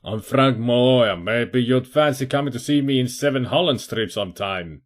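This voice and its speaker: A man's voice: mid-range voice, normal speed, natural voice. A man putting on a sly crooked dealer with a hammy accent. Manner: put-on exaggerated accent. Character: cunning middle-aged male crook dealer.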